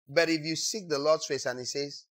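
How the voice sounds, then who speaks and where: A man preaching a sermon as pastor, acting out quotes and breaking into sudden shouts. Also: fairly high pitch, steady tone, normal speed.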